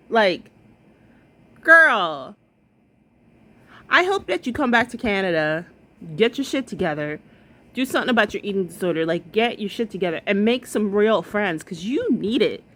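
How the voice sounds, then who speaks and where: Woman, reaction host, casual commentary, blunt, sassy, lively swooping pitch. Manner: blunt, sassy, swears freely, laughs often.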